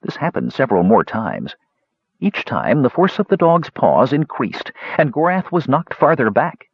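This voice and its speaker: A man narrating a story in an expressive, dramatic reading, in a slightly muffled recording. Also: mid-range voice, normal speed, husky, no echo.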